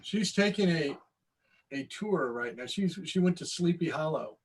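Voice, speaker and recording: A man's voice: on the high side, expressive, measured pace, slight background noise, poor audio. A man on a video call chatting casually as a guest artist, easygoing and self-mocking.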